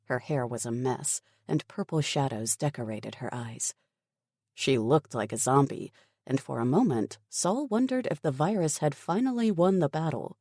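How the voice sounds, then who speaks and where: Low, dark-voiced woman narrating an audiobook. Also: moderate pace, no echo, clean studio sound. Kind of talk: scripted narration.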